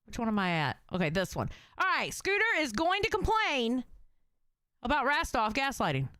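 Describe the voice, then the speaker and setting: A woman's voice: on the high side, wildly swooping pitch, normal speed, bright, forceful tone, smooth, no echo, studio quality. A woman live-streaming, reacting to clips and reading chat in blunt, profane, teasing banter.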